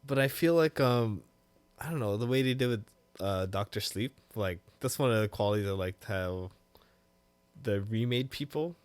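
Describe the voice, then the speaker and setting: A man's voice: fairly low pitch, moderate pace, clear, resonant tone, no echo. A man co-hosting a podcast, chatting casually and animatedly, swearing freely. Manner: animated, swears freely, bursts into loud laughs. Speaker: podcast co-host. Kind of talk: casual chat.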